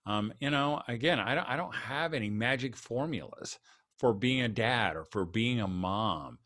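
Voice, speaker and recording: A middle-aged man speaks as an interview guest and conference speaker. He tells stories with humor and pokes fun at himself. His pitch sits in the everyday middle range for a man. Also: lively intonation, normal speed, fairly bright tone. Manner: humorous, storytelling, self-deprecating. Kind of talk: casual interview talk.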